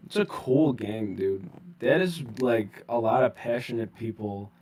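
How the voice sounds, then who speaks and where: A man's voice: medium pitch, expressive, a little slow, slight background noise. A man chatting casually over a voice call about a game mod, laughing often and swearing freely. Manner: swears a lot, laughs often, loud bursts. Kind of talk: casual gaming chat.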